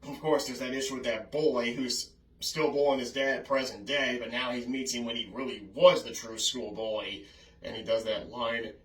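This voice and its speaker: A man's voice: mid-range voice, fairly even intonation, moderate pace, fairly bright tone. A man reviewing films in casual, rambling talk, apologetic and given to small chuckles. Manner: chatty, apologetic, frequent "oh, goodness" and chuckles. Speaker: film reviewer vlogger. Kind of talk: casual rambling film memories. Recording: echoey room, mic at a distance.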